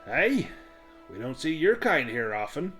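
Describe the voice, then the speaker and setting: A man voicing a surly, gruff older farmer who barks at his dogs and at strangers, louder and higher than his own narrating voice. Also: big pitch swings, measured pace, faint music behind.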